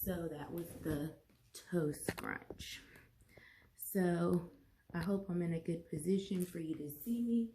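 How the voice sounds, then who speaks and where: A woman's voice: lowish voice, normal speed, echoey room, noisy background. A woman giving a casual home demonstration as a health educator, chatty and apologetic, with many ums and restarts. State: out of breath.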